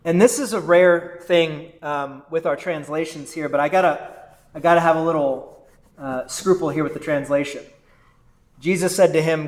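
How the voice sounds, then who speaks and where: A man's voice: high-pitched, moderate pace. A man preaching a sermon as a pastor. He talks in a conversational way, often checks in with "right?", and briefly voices the people he is quoting. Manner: quotes and voices figures from the text.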